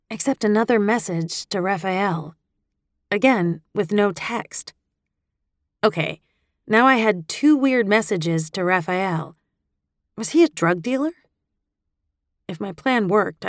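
A woman narrating a first-person audiobook in an intimate, expressive reading style. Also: medium pitch, no echo, clean studio sound.

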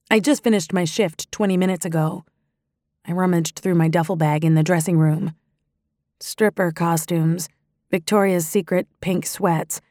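A woman narrates a first-person audiobook with a warm, mellow tone that sits a little low. Her reading is measured and even, and the recording is dry and close. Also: dry recording.

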